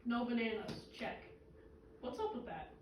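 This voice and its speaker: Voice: medium pitch, moderate pace, lightly acted. A young performer playing Carl, a wisecracking middle-aged fisherman who swaps tall tales in a comedy skit. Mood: bantering. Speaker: actor in a two-person comedy skit. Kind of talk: scripted comedic dialogue. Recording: roomy, distant, noisy stage recording.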